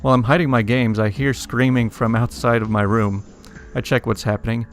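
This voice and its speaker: A man's voice: medium pitch, flat delivery, fairly quick. A man casually reading funny internet stories aloud, chuckling and adding wry asides between them. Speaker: story reader. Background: faint music.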